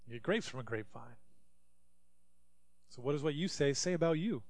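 A young man preaching a sermon as a pastor, telling stories with big swings from hushed to loud. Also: fairly high pitch, brisk, dry recording. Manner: animated storytelling, swinging from quiet to loud.

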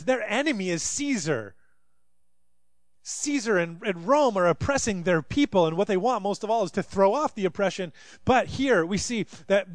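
Man preaching, a bit high-pitched, dry close sound, reads scripture with dramatic voices. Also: no room sound. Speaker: pastor. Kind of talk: sermon.

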